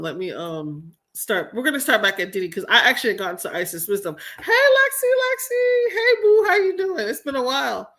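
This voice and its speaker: A woman's voice: medium pitch, fairly bright tone. Chatty woman live-streaming commentary. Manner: chatty, exasperated, greets viewers by name, slangy asides.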